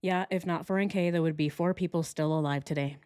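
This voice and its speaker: A woman's voice: on the low side, fairly even intonation, quick pace, a little mellow, clean tone. A woman hosting a true crime reaction video, chatting casually in a sarcastic, emphatic way.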